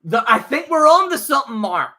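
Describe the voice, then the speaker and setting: A man's voice: very high-pitched, very animated, brisk, sharp tone. A man giving a casual, opinionated live review, rambling with lots of fillers and restarts. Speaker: wrestling show reviewer.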